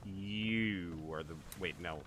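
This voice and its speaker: A man's voice: low-pitched, slow. A man streaming a game, joking with chat and thinking aloud as he plays. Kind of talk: casual gaming stream chat.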